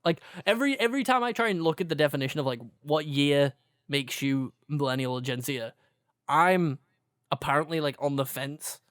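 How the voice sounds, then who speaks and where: A man's voice: fairly high pitch, brisk, fairly bright tone, clear, resonant tone, no echo, clean studio sound. A man, co-hosting a podcast in rambling, laid-back casual chat full of swearing. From England, near Liverpool. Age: 20s. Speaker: podcast co-host.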